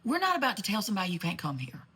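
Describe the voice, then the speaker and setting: A woman's voice: mid-range voice, huge pitch swings, very fast, bright, forceful tone, slightly rough. A woman telling a rambling, gossipy comedic story, full of asides and genteel sass. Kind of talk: comedic monologue in character.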